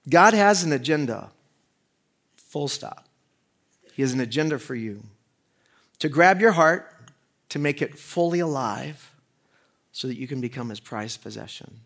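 A married man preaching a sermon with funny personal stories, swinging from quiet asides to loud, excited bursts. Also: mid-range voice, measured pace, pauses often. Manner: animated storytelling, jokey asides, loud swings in volume. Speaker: pastor. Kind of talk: humorous sermon.

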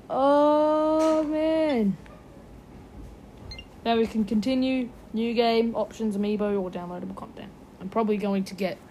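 A young woman hosting a gaming podcast, giving gushing commentary and repeating her excited exclamations. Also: a little high, a little hiss or hum. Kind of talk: game commentary.

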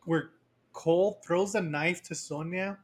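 A man's voice: high-pitched, a little slow, slightly rough. A man co-hosting a podcast, casually reviewing a film and mocking scenes in quoted voices. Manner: animated, acts out characters in mocking quoted voices. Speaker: podcast co-host. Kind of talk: casual movie review chat.

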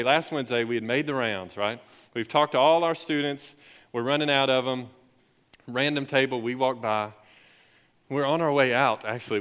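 A young man preaching as a youth pastor, telling stories in a lively, rising way. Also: medium pitch. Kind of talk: sermon. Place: church sanctuary. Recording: long hall reverb.

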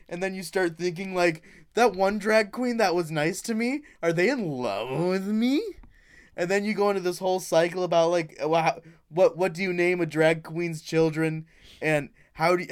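A young man riffs through crude bits on a casual comedy podcast, rambling from one joke to the next. His voice sits a little high and comes across smooth and clean. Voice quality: crude, rambling jokey delivery. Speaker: podcast co-host.

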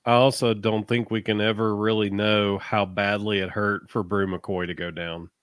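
A man co-hosting a sports podcast in casual chat, enthusiastic and quick to agree. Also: on the low side, level tone, fairly bright tone, clean tone, dry recording, clean studio sound. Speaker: podcast co-host.

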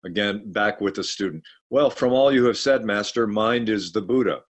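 A man in casual discussion, reading texts aloud in a measured way and sometimes laughing. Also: lowish voice.

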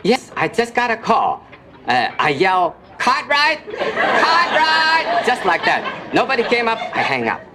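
A flustered coworker in a sitcom clip. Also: male voice, high-pitched, sing-song, a crowd in the background. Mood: earnest. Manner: halting, earnest broken English. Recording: sitcom clip with loud audience laughter and noise.

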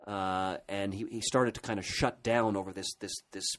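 A man's voice: fairly low pitch, fairly even intonation, normal speed, a bit bright, poor audio. A man co-hosting a podcast, retelling comic book history in an enthusiastic, rambling way with many restarts. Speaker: podcast co-host. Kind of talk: casual podcast discussion.

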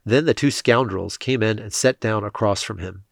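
A man reads scripture in a steady, measured narration. His voice sits low, and the recording is dry with no room sound around it. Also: gravelly, no echo. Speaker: scripture reader.

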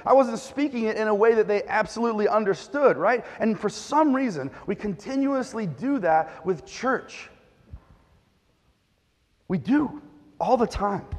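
A male pastor delivers a sermon with animated storytelling, punching his stories with sound effects. His voice sits a bit high for a man. The sound rings with the long reverb of a big church hall.

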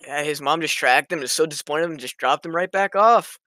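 A man's voice: on the high side, a little fast, bright, forceful tone, dry recording. A young man co-hosting a casual podcast, eager and fumbling his jokes. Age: young adult. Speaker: podcast co-host. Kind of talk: casual chat.

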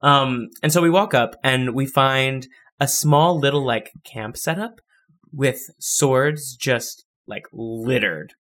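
A man's voice: mid-range voice, slow pace, fairly bright tone. A man hosting a podcast, chatting casually and teasing his co-host. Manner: joking, playfully teasing. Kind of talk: casual chat.

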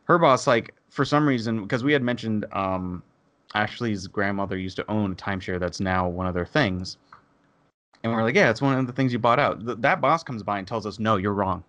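A man casually telling a long story on a podcast, animated and swearing, acting out the people he quotes. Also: lowish voice, normal speed, no echo.

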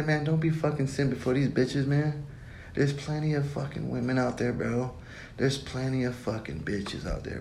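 A podcast host delivers blunt, profane dating advice in a casual monologue. The room is echoey, with a faint rumble underneath.

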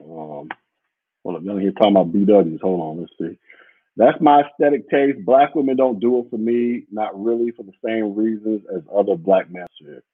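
A man's voice: fairly low pitch, steady tone, normal speed, slightly rough, no echo. A man hosting a podcast as a casual livestream, reading out viewer comments in a rambling, blunt and profane way. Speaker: podcast host. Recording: muffled phone-like audio.

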